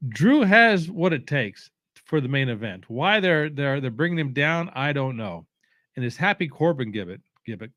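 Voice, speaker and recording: A man hosting a watch-along, rambling casually with strong opinions, halting often with fillers and restarts, sounding sleepy. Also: on the high side, a bit bright, no echo, clean studio sound. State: sleepy, yawning.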